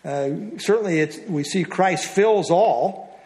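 A man's voice: sits high, slow, darkish tone. A man leading a Bible study, explaining a passage earnestly and repeating key phrases for emphasis.

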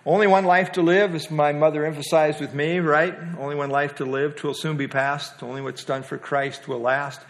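Pria guru Alkitab yang santai. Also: male voice, fairly high pitch, little pitch movement, moderate pace, creaky, few pauses, a bit bright. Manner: conversational, many "uh" fillers, asks the group questions. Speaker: Bible study teacher. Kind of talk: Bible study teaching.

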